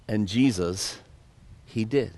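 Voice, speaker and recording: Slow-paced storytelling pastor, dry sound. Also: male voice, darkish tone, dry recording. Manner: storytelling, acts out characters with sudden pitch jumps. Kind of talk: sermon.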